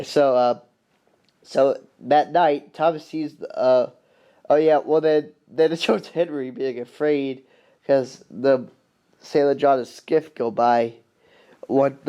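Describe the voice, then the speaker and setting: Rambling, excited young-sounding man. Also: mid-range voice, clean tone, lo-fi sound. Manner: rambling, excited, many fillers and restarts. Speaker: fan recapping a film. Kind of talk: casual movie recap.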